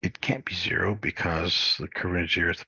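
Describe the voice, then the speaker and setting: A low, gravelly male voice with a husky edge and a bright, forceful tone, talking himself through math homework solutions in halting, muttered steps. The sound is close and dry, on a dull lo-fi screencast mic. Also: steady tone, dry recording. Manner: thinking aloud, halting and muttered. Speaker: math instructor.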